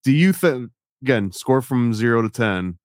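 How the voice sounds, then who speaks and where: A man's voice: medium pitch, lively intonation, normal speed, a little mellow, no echo, clean studio sound. A man hosting a podcast, casually quizzing his guest and asking for scores. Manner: laid-back, quizzing the guest with scored questions. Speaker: podcast host. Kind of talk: casual interview.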